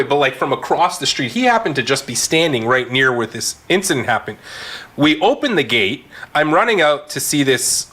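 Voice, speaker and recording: A man telling a story in a casual podcast chat, animated, laughing often and using many fillers. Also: mid-range voice, brisk. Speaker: physician podcast co-host.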